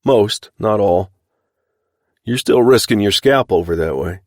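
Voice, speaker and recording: A stern young cowboy , as a man narrating puts him on, firm and sarcastic, pushing his voice up and louder above a low natural register. Clipped, commanding delivery in a dry, close recording. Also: lively intonation, measured pace, dry recording.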